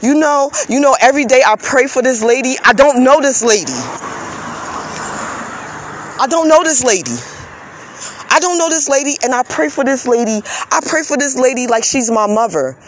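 A woman's voice: high voice, expressive, moderate pace, long pauses, a little hiss or hum. Woman on a fervent, profane rant. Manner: profane, repetitive, rhetorical questions to viewers; fervent and preachy, prone to stammered restarts. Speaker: vlogger. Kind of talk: impassioned social media rant.

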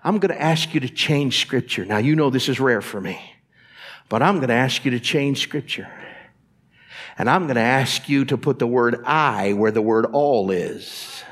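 A man's voice: mid-range voice, normal speed, fairly bright tone. A man preaching a sermon as pastor in a church, talking straight to the congregation and asking them to answer back. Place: church sanctuary.

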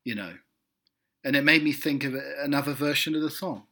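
A man's voice: on the high side, a little fast, sharp tone. British man rambling through comic chat. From Britain. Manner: meandering, self-amused, many fillers and restarts. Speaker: podcast host. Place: in the United States.

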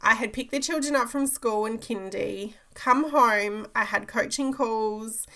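A woman's voice: a little high, a little slow, sharp tone. A woman, a business coach giving an emphatic motivational talk, repeating phrases and checking in with "okay?".

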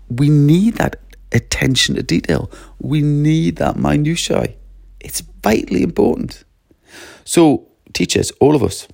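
Gravelly, husky man. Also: medium pitch, no room sound, clean studio sound. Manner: expressive, lively, acts out classroom voices. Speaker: teacher trainer. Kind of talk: animated training talk to teachers.

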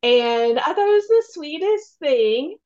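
A woman's voice: high-pitched, expressive, measured pace, darkish tone, highs cut off. A middle-aged woman from Kentucky with a Southern accent, chatting as a guest author on a podcast and laughing often. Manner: laughs often, self-deprecating. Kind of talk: casual podcast chat.

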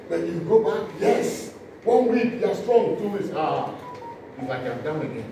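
A male preacher, delivering an impassioned sermon, acting out scenes and swinging from loud cries to low asides. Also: big pitch swings, moderate pace. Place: church hall. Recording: echoey hall, distant mic, noisy.

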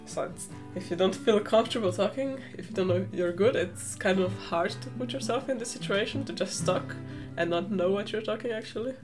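A woman hosts a casual interview, her voice at an ordinary middle pitch. She reasons things through thoughtfully and asks open questions. Guitar music is clearly heard behind her. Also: a little fast, few pauses. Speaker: podcast host.

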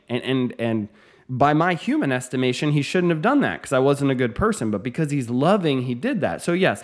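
Man preaching, earnest, emphatic, lively rising and falling pitch, mid-range voice. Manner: earnest, emphatic, shifts between fast asides and slow stressed lines. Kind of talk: sermon teaching.

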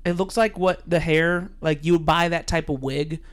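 A man with a slightly high voice co-hosting a casual podcast. He reads his notes aloud and adds dry, sarcastic jokes. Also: steady tone, moderate pace. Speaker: podcast co-host.

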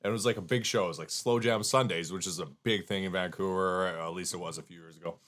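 A man's voice: deep voice, fast. A man co-hosting a casual podcast, telling stories with lots of swearing and mimicked voices. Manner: profane, animated storyteller, mimics people. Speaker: podcast co-host. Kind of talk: casual chat.

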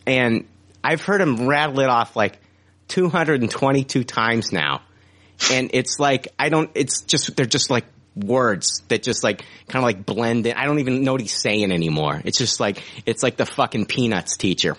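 A man's voice: mid-range voice, expressive, moderate pace, a bit bright. A man in his forties hosting a podcast in casual chat, rambling with many fillers and frequent swearing. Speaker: podcast host.

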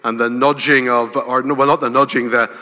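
A man's voice: medium pitch, little pitch movement, fairly quick. Man preaching in a reverberant hall. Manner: conversational, with gentle humor and rising emphasis. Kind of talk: sermon.

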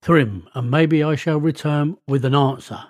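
A man voicing a sly, calm male trickster god in a read-aloud myth. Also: a little high, unhurried, no echo, clean studio sound, lightly acted.

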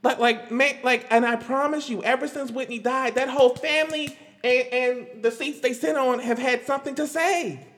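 A man hosting a podcast, chatting in a loose, animated way about pop music, with lots of fillers and frequent laughs. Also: extremely high pitch, moderate pace, in a large hall. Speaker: podcast host. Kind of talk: casual pop-culture commentary.

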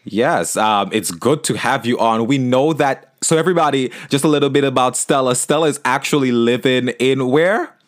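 A man hosts a relaxed travel podcast interview, chatty and a little hesitant, dropping in fillers and light laughter. His voice sits at a middling pitch. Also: moderate pace, hardly any pauses. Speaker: podcast host and founder.

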